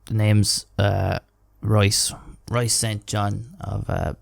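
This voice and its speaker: A man player speaking in character in a gruff, somewhat hesitant way. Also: lowish voice, steady tone, drawn-out words, no echo, studio quality.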